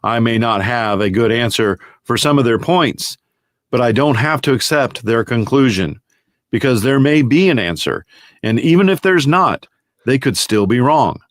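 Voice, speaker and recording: A man in a played clip, calmly arguing his position in a matter-of-fact way. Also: mid-range voice, normal speed, no echo, clean studio sound. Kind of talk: argumentative explanation.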